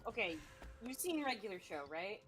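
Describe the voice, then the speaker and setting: A woman with a middle-range voice chats offhandedly alongside a game stream. She sounds relaxed and conversational, trading quick remarks. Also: medium pitch, soft background music. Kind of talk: casual chat.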